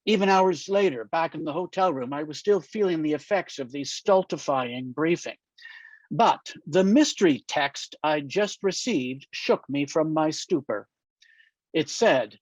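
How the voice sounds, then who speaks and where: A man reading his novel aloud at a literary festival in a wry, deadpan way. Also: fairly high pitch, unhurried, no echo. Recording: dull, muffled dry sound.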